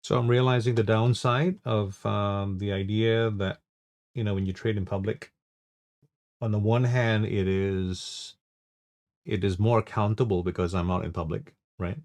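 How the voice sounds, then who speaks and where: Low gravelly man narrating his trades. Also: steady tone, darkish tone. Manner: thinking aloud, halting with restarts and fillers. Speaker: trading livestream host. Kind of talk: live trading commentary.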